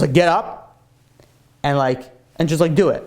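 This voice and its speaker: Leading a relaxed Torah class, this rabbi has a somewhat high, slightly mellow voice and a measured pace broken by long pauses. He drives his point home emphatically and repetitively, filling his casual speech with "like."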